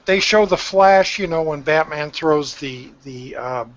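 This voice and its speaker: A man's voice: fairly high pitch, measured pace, dry recording. A man chatting casually, retelling scenes loosely with trailing filler. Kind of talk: casual chat. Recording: dull lo-fi call audio.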